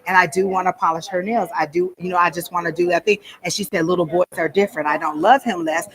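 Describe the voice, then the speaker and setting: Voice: medium pitch, fairly bright tone, poor audio. Chatty psychic teaching a live class. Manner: chatty storytelling, acting out dialogue. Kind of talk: informal live teaching talk. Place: psychic fair event room.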